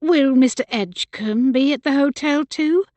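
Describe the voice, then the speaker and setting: A woman narrator voicing a caring young woman who speaks softly and coaxingly to her brother. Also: sits high, moderate pace, dry recording, pitched above the performer's own voice, close to an everyday voice. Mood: concerned. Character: gentle, worried young woman, caring sister. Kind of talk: audiobook character voice.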